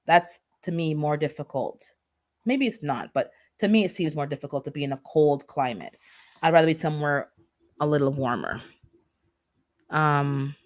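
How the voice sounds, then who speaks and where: Livestream host: Jamaican woman, fairly low voice, casual chatty storytelling. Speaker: gardening channel host.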